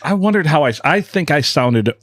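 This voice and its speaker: A man in casual chat, joking crudely and animated. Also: on the high side, normal speed, no room sound, clean studio sound.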